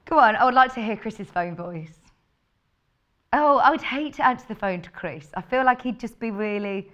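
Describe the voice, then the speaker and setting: A woman's voice: medium pitch, a bit bright, highs cut off. A woman presenting fabrics live on a shopping channel, chatty and gushing as she reads out viewer messages. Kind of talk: live on-air product presentation.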